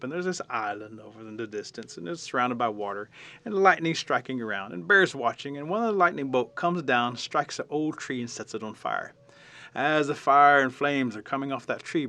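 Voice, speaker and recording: A Cherokee Nation storyteller, a man, telling a traditional animal tale in an animated, dramatic way and acting out the scenes. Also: mid-range voice, a little fast.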